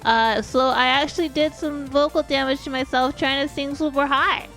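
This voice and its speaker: A woman's voice: high-pitched, fairly even intonation, moderate pace, fairly bright tone. A woman streamer chatting casually while gaming, rambling and self-deprecating, often restarting her sentences. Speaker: VTuber streamer. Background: faint background music.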